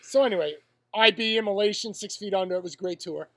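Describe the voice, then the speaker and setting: A man's voice: high voice, quick pace, no echo, clean studio sound. A man co-hosting a casual podcast, rambling through stories and swearing freely. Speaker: podcast co-host. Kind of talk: casual chat.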